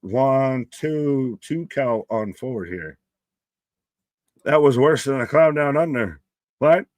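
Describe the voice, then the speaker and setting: A man hosting a casual wrestling live stream, talking loosely to his chat and swearing freely. He breaks into laughter between his calls of the action. His voice sits at a middling pitch and sounds dry and close to the mic. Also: lively intonation, slow, darkish tone, no room sound. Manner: loose, profane, laughing, talks to chat by name.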